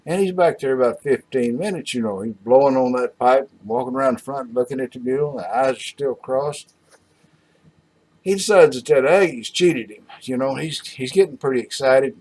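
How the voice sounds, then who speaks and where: Man, folksy joke teller, rambling, middle pitch. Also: a little mellow. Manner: drawling, rambling storyteller.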